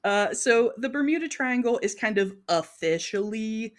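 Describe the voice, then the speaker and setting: A woman's voice: fairly high pitch, animated, moderate pace. A woman co-hosting a podcast, talking through her research in a loose, chatty way with many "um"s and "like"s and frequent laughter. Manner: chatty, lots of "um" and "like", laughs often; tells the research. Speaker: podcast co-host. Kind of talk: casual chat.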